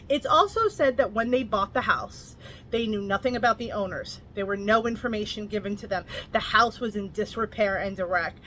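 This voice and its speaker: A woman reviewing books in a casual vlog. She speaks candidly, swears freely, and retells the plot in a lively way, slipping into quoted lines. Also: medium pitch, normal speed, a little hiss or hum. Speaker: book reviewer.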